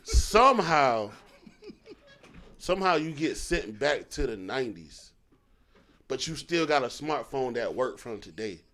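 A man co-hosting a podcast in casual chat, rambling and laid-back as he pitches ideas. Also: lively intonation, moderate pace, fairly bright tone. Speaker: podcast co-host.

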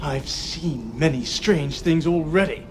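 A man's voice: on the high side, slow. An actor playing a shaken young male traveler in a film scene, speaking with a put-on English accent. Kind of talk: film acting. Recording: film clip with music behind. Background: music.

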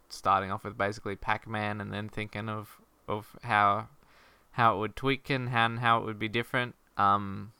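A young man, a game developer, chatting casually on a podcast, relaxed and rambling, with restarts. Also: fairly low pitch, smooth, no room sound.

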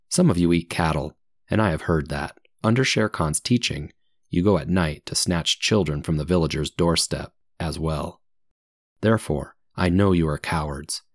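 A dignified old wolf leader speaks solemnly, pleading with a tired gravity, as a man reads his part. The voice sits low and is recorded close and dry. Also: no room sound.

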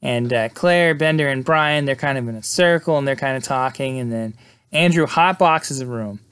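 Rambling young-sounding man, smooth voice. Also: mid-range voice, normal speed, a bit bright, dry recording. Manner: rambling, lots of "like" and "uh", laughs often. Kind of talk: casual movie recap.

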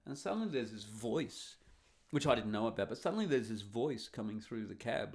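A man's voice: fairly low pitch, very animated, fairly quick, a little mellow. Blunt, profane man. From Australia. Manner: blunt, profane, sarcastic, rambling. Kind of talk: casual opinionated monologue.

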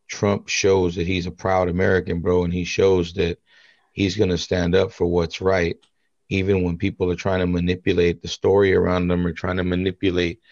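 Young male podcast co-host, loose and profane, lower-pitched, muffled and dry sound. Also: vocal fry, a little mellow, no echo. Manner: profane, laid-back storytelling. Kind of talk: casual chat.

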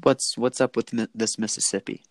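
A man's voice: mid-range voice, level tone, moderate pace, dry recording. A young man hosting a podcast in casual chat, laid-back and agreeable, swearing often. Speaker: podcast host.

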